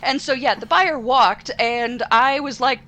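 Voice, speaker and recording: A young adult woman chats on a podcast in a slightly higher voice, animated and quick to swear as she tells her story. She talks casually with her co-hosts. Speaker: podcast co-host.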